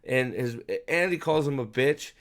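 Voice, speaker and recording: A man's voice: medium pitch, a little slow. A man giving casual, profane video commentary as host, ranting in an exasperated way with frequent restarts.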